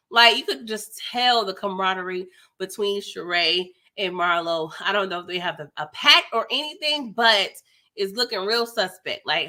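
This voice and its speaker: A woman's voice: mid-range voice, pushed and bright. A young woman giving a sassy, slangy, casual recap of a reality TV episode, full of "like" and "girl".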